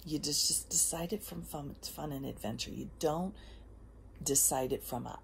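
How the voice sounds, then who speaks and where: A woman hosting a casual motivational monologue, emphatic, often dropping into soft whispers before rising again. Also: deep voice, moderate pace, vocal fry, slight background noise. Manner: emphatic, drifts between soft whispers and bursts. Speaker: host. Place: outdoors.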